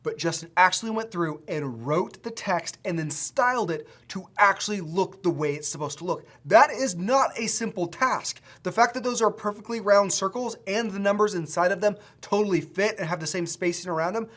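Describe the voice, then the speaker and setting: Excitable, gushing coding instructor. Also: mid-range voice, moderate pace, few pauses. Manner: excitable and gushing, with rambling and restarts. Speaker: coding school instructor reviewing student projects. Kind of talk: enthusiastic casual screen-share review.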